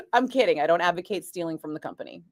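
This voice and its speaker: A woman radio DJ chatting casually, telling an animated story and acting out what others said, with lots of "like" fillers. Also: lowish voice, fast talker, dry recording. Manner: animated, acts out quoted voices, frequent "like". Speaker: radio DJ chatting with a live stream. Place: radio studio. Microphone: studio microphone.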